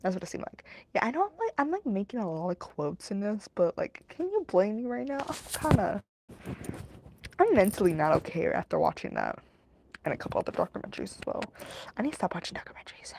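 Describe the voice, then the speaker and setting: A woman's voice: mid-range voice, sing-song, fairly quick, creaky, a little mellow, slight background noise. A young woman hosting a true crime podcast, rambling and joking with lots of fillers and laughs. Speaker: podcast host. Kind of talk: casual true crime commentary.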